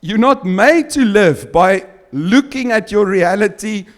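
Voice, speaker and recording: A man whose first language is Afrikaans, preaching a sermon and reading scripture slowly and with emphasis, chuckling often between points. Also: high voice, expressive. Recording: long hall reverb.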